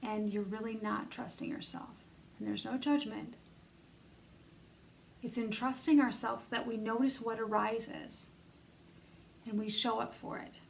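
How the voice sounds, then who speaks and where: A woman's voice: on the high side, fairly even intonation, a little slow, vocal fry, pauses often, slight background noise, rough recording. A middle-aged woman giving an earnest, encouraging self-help coaching talk, speaking straight to her listeners. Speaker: self-love coach leading an online bootcamp.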